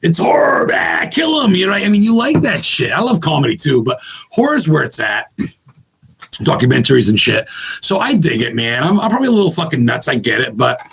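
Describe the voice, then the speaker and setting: A man from Maine, a guest ghost hunter, talking bluntly and excitedly with lots of swearing in casual podcast chat. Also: medium pitch, fairly quick, creaky, husky. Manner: blunt, profane, rambling and excitable.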